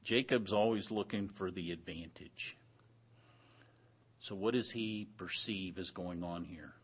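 A man's voice: low voice, measured pace, husky. A man leading an interactive Bible class, asking the group questions and repeating their answers, with some dry humor. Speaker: Bible study teacher.

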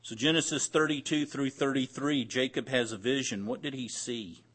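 A man's voice: mid-range voice, fairly even intonation, normal speed, a bit bright, husky. A man leading an interactive Bible class, asking the group questions and repeating their answers, with some dry humor. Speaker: Bible study teacher.

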